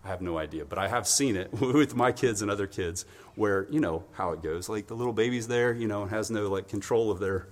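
A man preaching a sermon in an animated storytelling way, acting out the voices of the people in his stories. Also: on the low side, a little fast, hardly any pauses, in a large hall.

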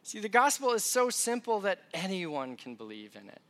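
A man's voice: high-pitched, big pitch swings, moderate pace, a bit bright. A young man preaching a sermon in a conversational, self-deprecating storytelling way.

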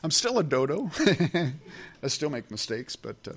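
A middle-aged male pastor giving a sermon in a folksy, self-deprecating way. His voice has a gravelly edge at a middle pitch. He often stops and restarts his sentences. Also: big pitch swings, moderate pace, a bit bright.

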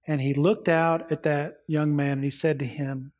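A man's voice: a little high, little pitch movement, normal speed, few pauses, highs cut off. Man preaching in an echoing hall. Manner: asks the congregation questions, drops to soft quiet tones. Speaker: pastor. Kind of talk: sermon. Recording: reverberant hall.

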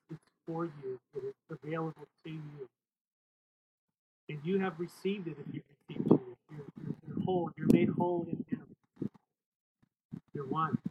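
Man preaching outdoors, emphatic, repeats himself, loud wind noise behind. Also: fairly high pitch. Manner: emphatic preaching with repeated phrases and call-and-response. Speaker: pastor. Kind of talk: outdoor sermon. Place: outdoors, windy. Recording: tinny phone-like sound with wind noise.

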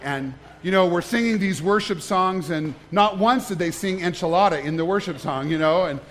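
A man's voice: fairly high pitch, moderate pace, hardly any pauses. A man, a pastor, giving a conversational sermon, joking and asking the congregation questions.

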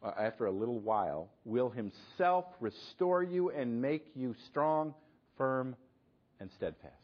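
A man preaching a sermon, asking rhetorical questions and swinging between loud emphasis and hushed, quiet lines. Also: mid-range voice, sing-song, unhurried, dull audio. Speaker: pastor.

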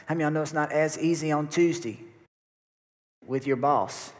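A man's voice: a little high, normal speed, long pauses. Male pastor preaching in a reverberant church. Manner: emphatic preaching with repetition. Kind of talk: sermon. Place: church sanctuary. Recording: long hall reverb.

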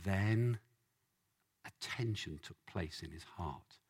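A man preaching a sermon as a lively story, acting out the voices of the people in it. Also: deep voice, takes it slowly, husky. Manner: animated, acts out voices in the story.

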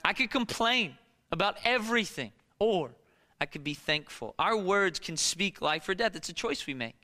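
Male pastor preaching a sermon, high and very bright voice, emphatic, repeats his questions. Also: lively intonation, moderate pace.

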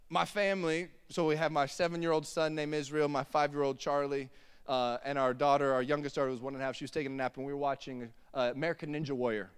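A man's voice: on the high side, clear, resonant tone. A man in his thirties preaching a sermon, mixing humorous family stories with emphatic preaching in a church hall. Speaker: pastor. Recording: long hall reverb.

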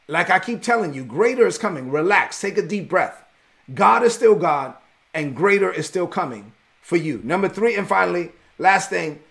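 A man's voice: fairly high pitch, gravelly, fairly bright tone. A man preaching a sermon in a conversational, repetitive way, acting out what people say. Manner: conversational, repetitive, quotes people in acted voices. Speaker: pastor.

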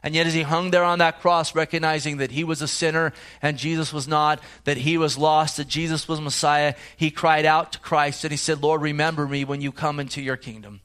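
A man preaches a sermon, reading scripture aloud and building to emphatic points. His voice sits slightly high for a man. He turns to the congregation with direct questions. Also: steady tone, brisk, hardly any pauses, fairly bright tone, clean tone. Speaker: pastor.

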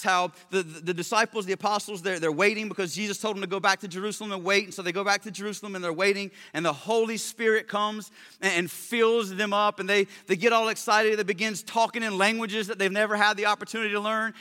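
Male pastor, casual excitable sermon, high voice; long hall reverb. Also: smooth. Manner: conversational, excitable, slangy.

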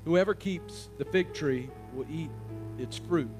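Man preaching, fairly high voice. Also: a little slow, music in the background. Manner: preaching with rhetorical questions and sudden loud peaks. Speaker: pastor. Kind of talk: sermon.

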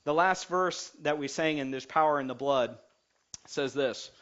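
A man preaching a sermon to his congregation in church, energetic, swinging between loud and soft, with jokes along the way. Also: fairly high pitch, a little slow. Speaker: pastor. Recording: dull lo-fi recording.

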